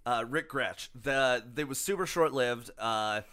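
Man, podcast co-host, casual chat, mid pitch, profane, filler-heavy. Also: a little slow, sharp tone. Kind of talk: casual chat, reading band history.

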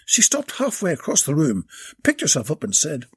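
A man reading his own comic erotic story aloud in a flat, deadpan way. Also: a little high, moderate pace, slightly rough, no echo, studio quality.

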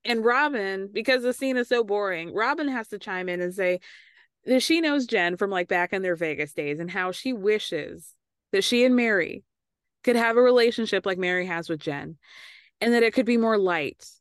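A woman's voice: medium pitch, lively intonation, moderate pace, clean tone, dry recording. A woman hosts a reality-show recap podcast in a casual, mocking tone, swearing freely and laughing along. Her voice sits mid-range and comes through dry and close, with no room sound. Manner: snarky, swears, laughs often. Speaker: podcast host.

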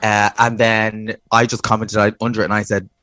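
A young Irish man with a somewhat low voice chats on a podcast, telling stories in an animated way, acting out other people's lines and laughing often. The recording is dry and close, with no room sound. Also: brisk, no room sound. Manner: animated storyteller, acts out quotes, laughs often. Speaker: podcast co-host, drag performer. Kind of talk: casual chat.

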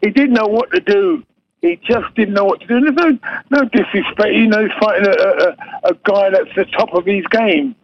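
Brief: English man, 50s, gravelly and high-pitched, repeats himself, lo-fi faint noisy line. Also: lively intonation, brisk. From England. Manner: laughs easily, repeats himself. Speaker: guest boxer. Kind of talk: casual interview chat. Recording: dull lo-fi line, faint noise.

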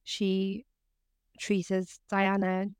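A woman's voice: mid-range voice, monotone, very slow, clear, resonant tone, no echo. A woman co-hosting a podcast, talking in a hesitant, casual way. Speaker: podcast co-host. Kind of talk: casual chat.

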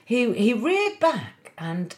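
A woman's voice: on the high side, very animated, takes it slowly, a little mellow, echoey room. A woman with a self-deprecating, rambling way of telling stories in casual chat.

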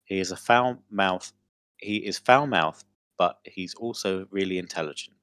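A man's voice: low voice, normal speed, clean tone, no room sound, clean studio sound. A young man co-hosting a podcast, reading a funny news story aloud in casual chat and often breaking into laughter. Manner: giggly, breaks into loud laughter while reading. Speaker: podcast co-host.

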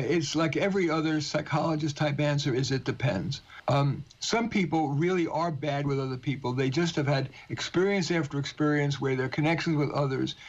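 A man with a New York and Californian accent joins over the phone as a guest career coach. His voice sits a little high and comes through dull and lo-fi, and he mixes joking remarks with earnest explanation. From United States. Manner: jokey, then earnest and explanatory. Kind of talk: phone interview. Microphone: phone line.

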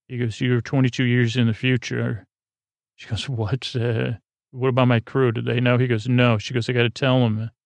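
A man hosting a podcast, loosely retelling a TV episode in a rambling, halting way with many fillers and jokey paraphrases. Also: medium pitch, creaky, dry recording. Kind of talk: soft-spoken bedtime recap.

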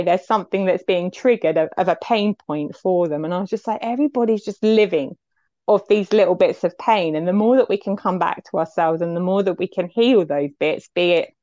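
A woman's voice: fairly low pitch, darkish tone, no room sound, muffled recording. A woman, telling a personal story as an interview guest, heartfelt and reflective.

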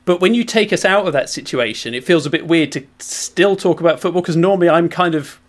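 A man from Britain talks fast in a slightly raised register, winding through an anecdote with restarts and self-deprecating asides. His delivery is casual and chatty. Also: a little high. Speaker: sports journalist and guest. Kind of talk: casual chat, storytelling.

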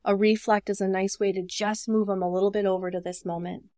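A woman's voice: medium pitch, level tone, quick pace, dark tone, no room sound. Earnest woman explaining caregiving, dry close mic. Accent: Upper Midwest American. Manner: earnest and instructive, acts out short example dialogues. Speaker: dementia care business owner and social worker. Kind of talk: podcast interview, explaining caregiving tips.

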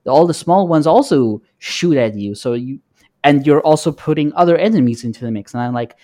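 A man co-hosting a podcast, explaining his picks in a measured, casual way. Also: on the high side, expressive, mellow. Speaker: podcast co-host. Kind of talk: casual chat.

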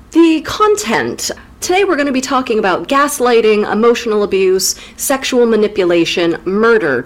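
A woman co-hosting a literature podcast, playful and teasing in a casual chat. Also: medium pitch. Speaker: podcast co-host.

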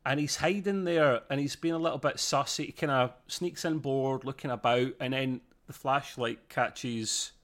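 A man in mid-range voice talks through an episode with a co-host, animated and quick to laugh. His chat is relaxed and casual, full of asides and playful mimicry. He sounds like a regular podcast host among friends. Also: medium pitch.

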